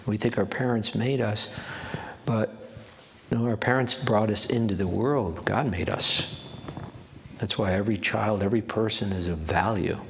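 Brief: low-pitched male preacher, earnest sermon delivery, long hall echo with a faint hiss. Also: fairly even intonation, normal speed, gravelly. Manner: earnest, repeats words for emphasis. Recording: long hall reverb, faint background noise.

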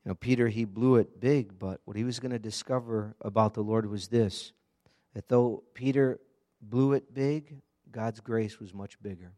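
A man's voice: fairly low pitch, fairly even intonation, moderate pace, dark tone. A man preaching an earnest, conversational sermon, often asking the congregation direct questions. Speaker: pastor.

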